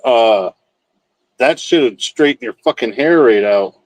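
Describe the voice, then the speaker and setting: A man's voice: mid-range voice, expressive, takes it slowly, no room sound, rough recording. Laid-back man swearing casually on a livestream. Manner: rambling, profane, laid-back storytelling. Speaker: livestream host. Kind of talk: casual chat with live chat.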